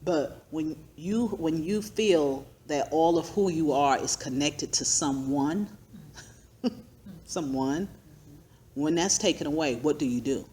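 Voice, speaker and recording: A middle-aged woman giving an earnest personal testimony to a women's group, preacherly and quick to laugh. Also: low voice, warm tone, slight background noise. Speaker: guest speaker.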